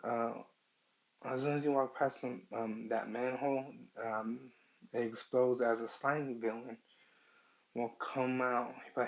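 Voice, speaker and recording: A man improvising a fan-fiction story, halting and searching for words as he goes, on a dull lo-fi recording. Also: medium pitch, little pitch movement.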